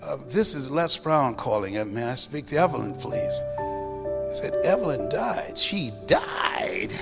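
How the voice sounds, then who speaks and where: A man's voice: mid-range voice, sing-song, moderate pace. A man giving a motivational speech, telling a story, then leading the audience in call-and-response. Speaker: motivational speaker. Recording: long hall reverb with clear music underneath.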